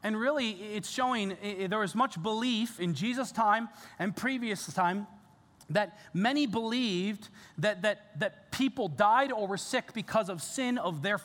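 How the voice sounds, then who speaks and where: A male pastor preaching a sermon, earnest and animated, with casual fillers and restarts. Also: high voice, measured pace. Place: church sanctuary. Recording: church hall reverb.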